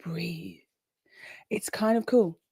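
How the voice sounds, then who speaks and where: Woman, 40s, livestream host: loose, chatty, swears freely, lower-pitched voice, dry close sound. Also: animated, moderate pace, dark tone, dry recording. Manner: chatty, swears, greets viewers by name. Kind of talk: casual livestream chat.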